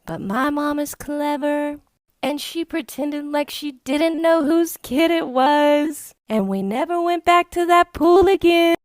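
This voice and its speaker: A woman telling a childhood story in an unhurried, wry way. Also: sits high, no echo, faint music behind.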